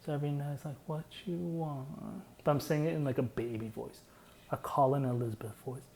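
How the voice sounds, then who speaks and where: A man's voice: medium pitch, fast talker, a little mellow, low-quality recording. A young man casually explaining his own song in a loose, rambling way, full of "like" fillers.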